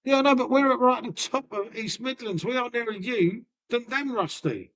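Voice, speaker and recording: A man's voice: very high voice, normal speed, a bit bright. A man with a Lincolnshire accent chatting casually on his live stream, bantering with viewers, swearing freely and calling everyone mate. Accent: Lincolnshire English. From Lincolnshire, England. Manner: folksy, peppered with "mate" and "innit".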